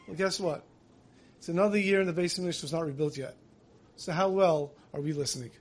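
Man, rabbi, high voice, storytelling sermon, acted quotes. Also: quick pace. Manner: tells stories with acted quotes, voice dropping soft for emotional lines. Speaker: rabbi giving a Tisha B'Av lecture.

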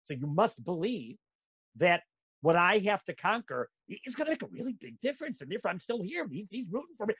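Animated husky-voiced male Torah teacher. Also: high voice, moderate pace, pauses often, no room sound. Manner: dramatic, acts out inner voices, bursts into shouting. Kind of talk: animated religious lesson. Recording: dull lo-fi dry recording.

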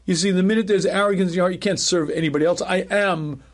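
A middle-aged man, a rabbi, teaching a class in a measured, emphatic way, repeating key phrases and often clearing his throat. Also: high voice, steady tone. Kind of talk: recorded Torah lecture.

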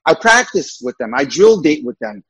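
A man's voice: fairly high pitch, very animated, normal speed, a bit bright, slightly rough, low-quality recording. A man who works as a dating mentor, giving an emphatic lecture with repeated points.

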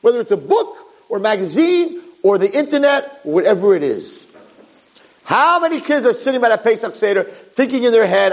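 A man with a high-pitched voice delivers a Torah lecture at a normal speed, and the recording is rough. A rabbi, he tells stories with animation and acts out the voices of the characters.

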